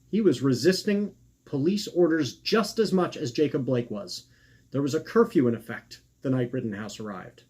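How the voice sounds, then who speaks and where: A man reading his own personal essay aloud in an earnest, measured way, posing rhetorical questions. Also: medium pitch, lively intonation, a little mellow, husky.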